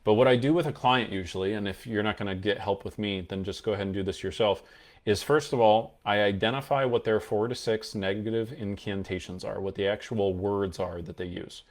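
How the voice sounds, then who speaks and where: An earnest male mental health coach teaches in a fairly low voice. He leans hard on his key points and now and then shows a tone of voice to make them clear. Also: steady tone, a little fast. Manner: earnest, emphatic, demonstrates tones of voice while teaching. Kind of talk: explanatory coaching talk to camera.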